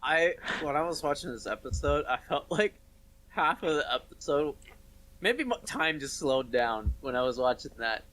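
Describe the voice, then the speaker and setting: Stammering, lively male co-host. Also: on the high side, rough recording. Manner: halting, stammering. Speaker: podcast co-host. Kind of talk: casual recap chat.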